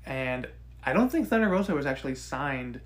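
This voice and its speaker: A man's voice: medium pitch, big pitch swings, moderate pace. Man recapping wrestling, casual and joking. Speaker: podcast co-host. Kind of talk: casual wrestling review chat.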